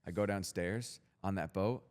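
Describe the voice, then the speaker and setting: Man, deep voice, young adult, podcast guest, blunt, profane, motivational storytelling. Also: moderate pace, a little mellow. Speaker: guest entrepreneur.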